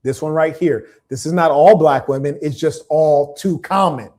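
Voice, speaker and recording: A man's voice: on the high side, normal speed, a little mellow. A man hosting a livestream, delivering a preachy, combative monologue and reading out viewer comments, with emphatic repetition. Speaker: live stream host.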